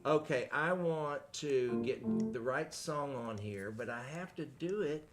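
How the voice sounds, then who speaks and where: A man's voice: medium pitch, measured pace, loud music behind the voice. A man hosting a casual livestream, chatty and joking at his own expense. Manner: chatty, joking, self-deprecating. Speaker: host.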